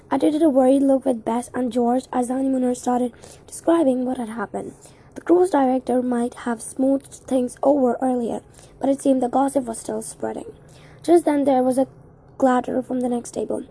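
A woman's voice: high voice, creaky, mellow, slightly rough, poor audio. A woman reading a mystery novel aloud in an unpolished way, with slips and restarts. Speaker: reader.

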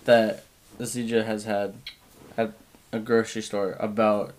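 A man in casual chat, chiming in with quick teasing remarks. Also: fairly low pitch, level tone, darkish tone.

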